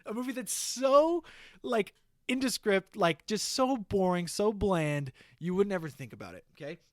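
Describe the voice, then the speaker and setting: A man on a podcast pitching a movie idea like a comic storyteller, checking in with "okay?" after almost every phrase. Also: lively intonation, moderate pace, dry recording, studio quality. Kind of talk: casual comedic pitch.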